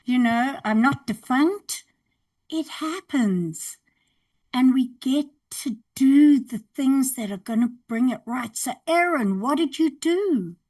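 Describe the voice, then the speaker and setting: A woman hosting a podcast interview, speaking in a slow, emphatic, encouraging way. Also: high voice, lively intonation, dark tone, distant mic. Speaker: podcast host.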